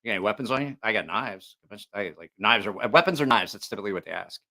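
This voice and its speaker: A man hosting a knife channel, telling stories in a casual, profane, animated way. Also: fairly low pitch, quick pace. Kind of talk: casual storytelling chat.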